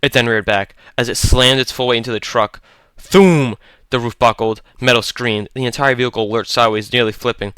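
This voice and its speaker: A man's voice: mid-range voice, steady tone, brisk, fairly bright tone, smooth, dry recording. A man narrating a horror story in a tense, clipped, dramatic way.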